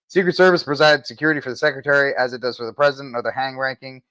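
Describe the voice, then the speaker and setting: A man's voice: mid-range voice, a bit bright, no room sound. A man hosting a podcast, reading news items aloud and cutting in with sarcastic asides, streaming from the road. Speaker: podcast host. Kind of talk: casual news commentary, reading headlines. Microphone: mobile setup with spotty reception.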